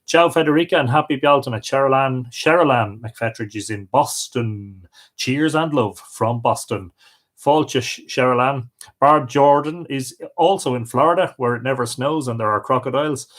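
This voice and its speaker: A man's voice: medium pitch, normal speed, fairly bright tone. A middle-aged Irish man hosting a live stream, reading out viewers' comments and greeting each of them by name. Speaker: host.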